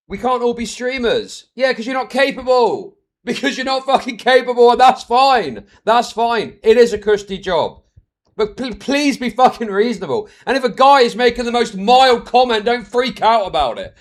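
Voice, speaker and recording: A man ranting as a streamer reacting to clips, heated, sweary and exasperated. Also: high voice.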